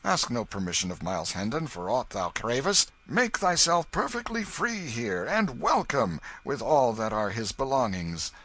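A man's voice: medium pitch, very animated, moderate pace, few pauses, fairly bright tone, pitched above the performer's own voice. A man doing a hearty kindly knight. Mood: cheery. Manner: cheery, bluff old-fashioned speech.

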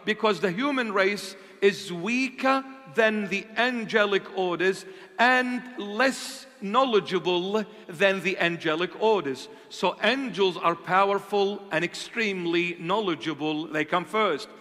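A man preaching a sermon as bishop, slowly posing rhetorical questions and answering them himself. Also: sits high, bright, forceful tone. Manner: asks and answers his own rhetorical questions; slow, deliberate emphasis. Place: church. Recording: echoey church hall.

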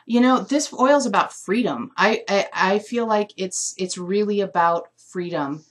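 A woman's voice: medium pitch, measured pace. A woman giving a live intuitive reading of an essential oil, musing aloud and searching for words with frequent fillers. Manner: emotional, close to tears.

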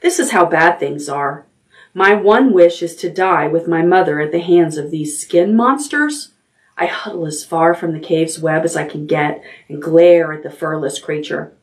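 A woman librarian reading a chapter book aloud at bedtime, unhurried and expressive. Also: low voice, distant mic.

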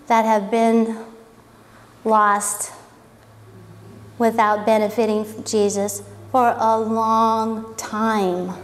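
A woman giving an informal Bible lesson, chatty and wondering aloud. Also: high voice. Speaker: Bible teacher. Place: church hall. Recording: echoey hall with long reverb.

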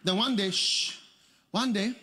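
A man preaching a sermon as pastor, swinging between shouted, sung phrases and quiet storytelling. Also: high voice, unhurried, breathy edge, in a large hall. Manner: animated preaching, shouting and laughing.

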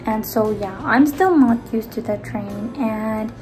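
A young woman from the Philippines vlogging casually at home, rambling and chatty, often trailing off softly. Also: on the high side, takes it slowly, soft background music. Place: indoors at home.

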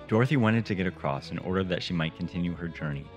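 A man reading a children's story aloud and breaking in with sarcastic, deadpan asides. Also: deep voice, quick pace, faint music behind. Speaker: reader and host. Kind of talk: audiobook reading with sarcastic commentary.

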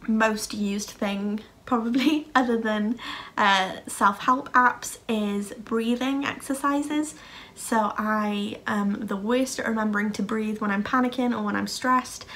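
A woman's voice: a little high, fairly bright tone, slight background noise. A woman vlogger talking casually to camera in a rambling, chatty way, full of fillers and restarts.

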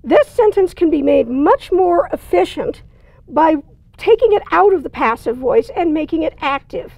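A woman's voice: extremely high pitch, expressive, normal speed, gravelly, a little mellow, no echo. A woman teaching a writing lesson, explaining in a plain, conversational way with dry asides. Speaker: writing instructor. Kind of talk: recorded lecture.

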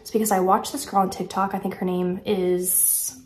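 A woman's voice: medium pitch, flat delivery, normal speed, a little mellow, slight background noise. Chatty woman in an echoey room. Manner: chatty, enthusiastic, lots of "like" and "um". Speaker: haul vlogger. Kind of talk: casual product haul chat.

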